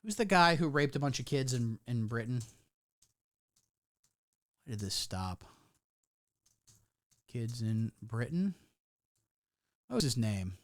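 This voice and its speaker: A man's voice: medium pitch, animated, slow, pauses often, dry recording, studio quality. Sarcastic, rambling male streamer. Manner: sarcastic, rambling, swears a lot. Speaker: livestreamer. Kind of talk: casual live-stream commentary.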